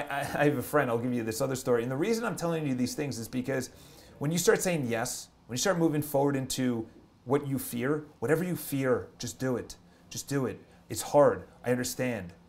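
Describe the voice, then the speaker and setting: A man with a mid-range voice, a real estate agent and vlogger, gives an energetic motivational talk on a livestream. He drives his points home with a repeated "okay?".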